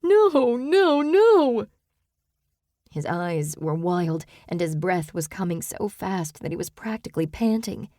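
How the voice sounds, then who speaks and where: Low-voiced woman narrating a mystery. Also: no room sound, clean studio sound. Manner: even, measured storytelling. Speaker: audiobook narrator. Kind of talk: scripted narration.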